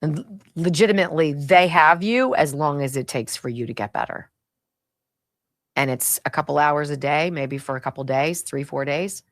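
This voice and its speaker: On her talk radio show, a middle-aged woman moves through a snarky, opinionated monologue and a host-read ad at a moderate pace. She laughs frequently, jumping from high excitement to low muttering, and the sound is clean studio audio without echo.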